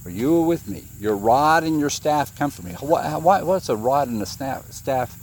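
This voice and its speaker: A man's voice: mid-range voice, lively intonation, moderate pace, darkish tone, a little hiss or hum. A man giving an informal sermon, reading scripture and asking his listeners questions, often repeating himself. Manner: conversational, questions the audience, repeats words. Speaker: preacher.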